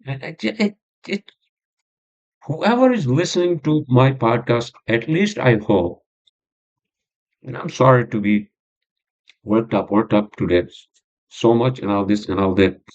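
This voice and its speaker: This podcast host has a mid-range voice with lively intonation, speaking unhurriedly and leaving long pauses. He rambles through a frustrated, agitated rant full of curses and filler words, captured in dull lo-fi audio.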